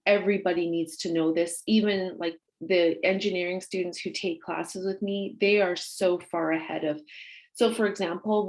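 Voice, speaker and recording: A woman's voice: lowish voice, gravelly, a little mellow, rough recording. A woman gender studies professor on a webinar panel, giving earnest advice to students with frequent fillers, heard over a video call. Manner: earnest, advising, many fillers. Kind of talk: panel discussion.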